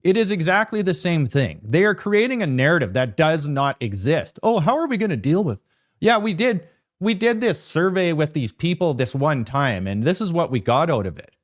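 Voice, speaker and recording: A man's voice: fairly high pitch, sing-song, normal speed. A man hosting political commentary, talking emphatically in a ranting, sarcastic way. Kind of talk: opinionated news commentary.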